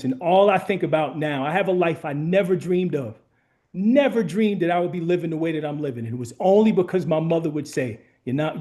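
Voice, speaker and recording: A man's voice: fairly high pitch, mellow. A man in his forties, a guest speaker giving a heartfelt motivational talk with earnest, emphatic repetition. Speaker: guest speaker, former runner.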